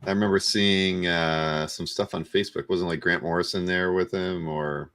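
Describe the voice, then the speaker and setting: A male host adding short, relaxed comments in a casual chat over a video call. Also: sits low, normal speed. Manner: brief relaxed interjections.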